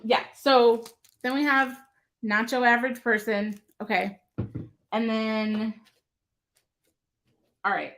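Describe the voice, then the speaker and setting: A woman's voice: a little high, a bit bright. Chatty, laughing woman hosting a craft livestream. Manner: chatty and rambling, laughs often. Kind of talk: casual livestream chat.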